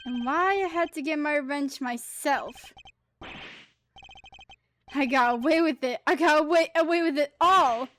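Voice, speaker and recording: A woman's voice: high-pitched, unhurried, pauses often, a bit bright, slight background noise. A smug gloating villain, as a woman reads him out. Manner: taunting, gloating. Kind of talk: reading game dialogue aloud.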